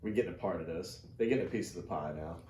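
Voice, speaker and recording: Low-voiced laid-back comedian guest. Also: male voice, racing, mellow. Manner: laid-back, joking interjections. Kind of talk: casual banter. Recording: distant, echoey, faint hiss.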